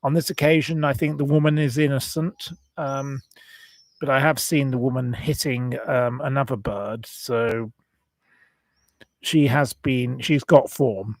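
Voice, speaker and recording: A man's voice: mid-range voice, steady tone, unhurried, no room sound. A man hosting a rambling, indignant livestream chat about animals, breaking off to apologize for his rants. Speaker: channel host.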